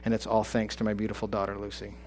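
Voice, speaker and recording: A man in his forties on stage before a live audience, telling a personal story with building tension, loud peaks and hushed drops. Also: fairly low pitch, completely flat delivery, quick pace. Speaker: speaker at a live talk event. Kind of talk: dramatic personal storytelling talk.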